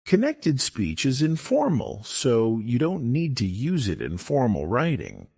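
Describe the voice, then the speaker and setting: Man, English lesson narration, very slow, hugely swooping pitch, dry close sound. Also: huge pitch swings, creaky, warm tone, no echo. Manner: slow, deliberate delivery with strongly rising and falling pitch. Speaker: English teacher.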